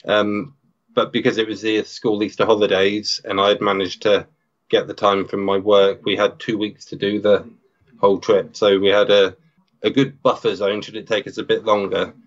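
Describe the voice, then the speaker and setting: A man with a fairly low voice explains things in a calm, matter-of-fact way as a podcast guest. His sound is dull and a bit lo-fi. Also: normal speed. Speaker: guest, hiking father. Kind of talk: interview.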